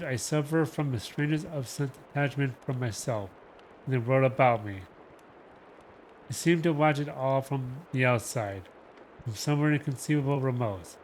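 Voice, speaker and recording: A man reading a novel aloud on a livestream, dramatic and slow with shifting emphasis. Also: mid-range voice, a little hiss or hum. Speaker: reader.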